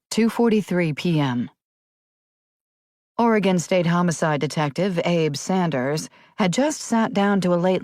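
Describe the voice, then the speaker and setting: Low-voiced woman narrating a thriller. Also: no echo, clean studio sound. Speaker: audiobook narrator.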